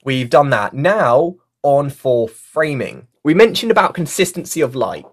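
A workshop facilitator giving a casual online lesson, talking into a mic with a fluffy cover and often using fillers like "like" and "you know". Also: mid-range voice. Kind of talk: casual online workshop teaching, reading out chat comments. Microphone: mic with a fluffy foam cover.

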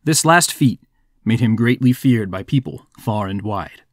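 A man hosting a podcast, reading a folk tale as measured, scripted narration on a close mic. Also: fairly low pitch, lively intonation, no room sound. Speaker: podcast host.

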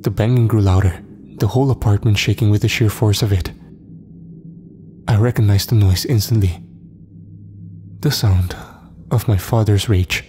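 A man narrating a horror story in a measured, dramatic, scripted style. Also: fairly low pitch, fairly even intonation, warm tone, slight background noise. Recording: long reverb, faint music.

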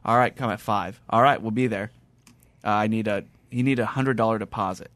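A man's voice: on the low side, brisk, no echo. A man hosting a casual chat, telling a long story with many restarts and acted-out quotes. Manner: rambling, animated, lots of restarts and quoted dialogue. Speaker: podcast host.

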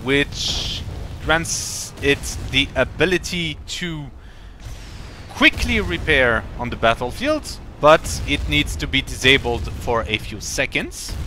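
A man's voice: mid-range voice, lively intonation, takes it slowly, sharp tone, a little hiss or hum. A man commentating a strategy game live, explaining in a rambling, playful way with many fillers and restarts. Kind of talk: casual live-stream commentary.

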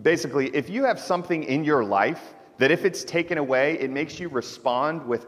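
A man's voice: a little high, lively intonation, normal speed. A man preaching a sermon as pastor, in an informal, conversational way that often checks in with listeners. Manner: conversational preaching with frequent "right?" asides. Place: church sanctuary. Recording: church hall reverb.

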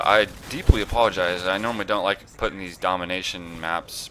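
A man's voice: deep voice, noisy background. A young man rambling through casual game commentary, self-mocking and full of fillers and mild cursing. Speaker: gameplay commentator.

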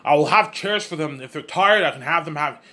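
In this rambling vlog monologue, a man talks casually and excitedly, cursing freely and frequently tripping over and restarting his words. His pitch is on the high side and his pace a little fast.

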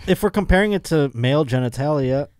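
A man's voice: on the high side, animated, quick pace, darkish tone, clear, resonant tone, no echo, studio quality. A man hosting a podcast, chatting in a loose, joking way and laughing often. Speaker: podcast host. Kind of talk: casual podcast chat.

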